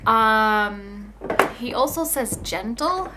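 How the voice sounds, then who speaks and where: A woman's voice: fairly high pitch, expressive, extremely slow, background noise. A young woman talking casually to her camera at home about her baby, chatty, with many "um"s. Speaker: mother and vlogger. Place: home, playing with her toddler.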